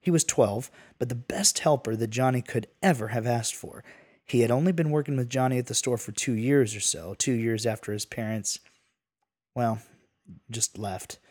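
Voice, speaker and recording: A man's voice: mid-range voice, darkish tone. Folksy male storyteller. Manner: folksy, casual asides.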